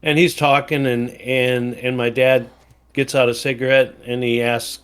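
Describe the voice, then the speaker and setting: A man's voice: mid-range voice, flat delivery, a little slow, a bit bright, clear, resonant tone. A man from Wisconsin co-hosting a podcast, telling a rambling anecdote in casual chat with many fillers and restarts. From Wisconsin, USA. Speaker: podcast co-host.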